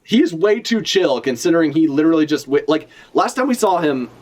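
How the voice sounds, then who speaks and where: A man's voice: on the high side, sing-song, a little fast, darkish tone. A young man streaming a live reaction, talking casually with lots of swearing and filler words. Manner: casual, profane, full of fillers.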